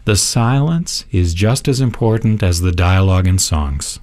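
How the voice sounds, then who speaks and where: A man with a fairly low voice narrates a scripted review. His commentary is measured and appreciative. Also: expressive, a little mellow. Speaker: critic narrator.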